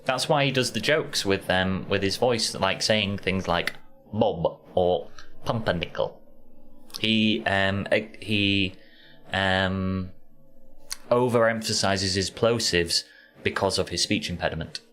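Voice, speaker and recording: A man's voice: low-pitched, unhurried, pushed and bright, soft background music. A man with a mild Yorkshire accent chatting casually while playing a video game, rambling through answers to chat and muttering to himself over the gameplay. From Yorkshire, England. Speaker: gaming streamer.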